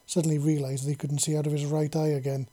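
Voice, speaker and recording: Husky, mellow male story narrator. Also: fairly high pitch, flat delivery, rapid-fire. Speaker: audiobook narrator.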